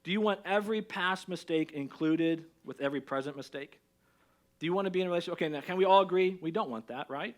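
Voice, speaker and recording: A middle-aged man as pastor, preaching a conversational sermon and telling a personal story with animated restarts. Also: a little high.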